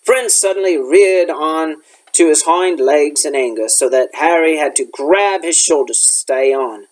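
A man's voice: a little high, unhurried, poor audio. A man, an elementary school teacher, reading a novel aloud expressively, now and then correcting himself mid-sentence.

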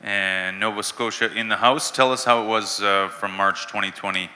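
A man moderating a panel, introducing the next speaker in a relaxed way. His voice is low and very bright. It carries a long hall reverb over a faint room ambience. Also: normal speed.

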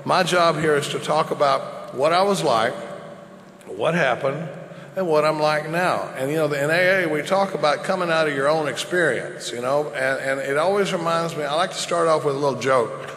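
A man's voice: fairly high pitch, moderate pace, fairly bright tone, roomy sound, long reverb tail, poor audio. A man in his fifties giving a folksy, rambling recovery talk with jokes to a large convention crowd. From Dallas, Texas. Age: 50s. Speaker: recovery meeting speaker.

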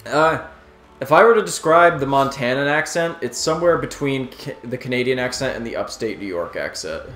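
A chatty, rambling man from New Jersey who jokes around during casual gameplay chat. His voice sits at an ordinary mid pitch. The room is echoey, with faint game music underneath. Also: fairly quick, a bit bright. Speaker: let's play co-host.

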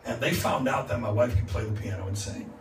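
A man preaching a revival sermon as a guest speaker, moving from calm teaching to loud, laughing exclamations. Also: medium pitch, a little fast. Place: church sanctuary. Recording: echoey church, distant mic, noisy. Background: congregation responding.

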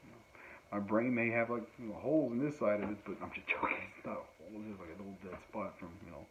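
Low-pitched man, casual rambling talker, home recording, muffled lo-fi sound with light hiss. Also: fast. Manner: rambling, joking, lots of fillers and laughs. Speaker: musician and podcast host. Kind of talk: casual chat. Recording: dull lo-fi sound with faint noise.

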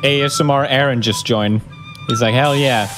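A man's voice: medium pitch, fairly even intonation, moderate pace. A man streaming his reaction to a film, joking and swearing through a casual running commentary, with film music playing behind him. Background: film music and sounds.

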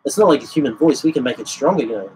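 A man's voice: mid-range voice, expressive, racing, darkish tone, low-quality recording. A man giving a casual livestream guitar lesson, explaining the technique and singing rhythms as syllables. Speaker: guitar teacher. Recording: guitar playing behind the voice.

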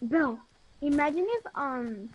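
A woman chatting casually while playing a video game, excitable and rambling, often laughing and gasping. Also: high-pitched, slow pace, highs cut off. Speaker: gameplay commentator. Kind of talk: casual let's-play chatter. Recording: noisy background with clicking.

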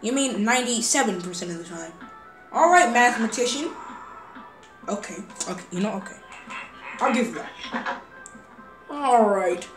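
Roomy, lively voice over game music. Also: female voice, on the high side, moderate pace, pauses often. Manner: hesitant, full of fillers, bursts into excited shouts. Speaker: voices all characters in a game role-play. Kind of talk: voicing a block-game story.

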